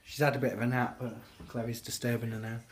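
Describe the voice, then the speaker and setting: A British man talks into a handheld phone at home, keeping a casual daily vlog going. His voice sits in a middle pitch, and a faint hiss runs under the recording. He rambles, filling gaps with "um" and "yeah" and restarting his sentences. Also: little pitch movement, quick pace. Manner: rambling, with many fillers and restarts. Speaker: vlogger. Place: at home, indoors.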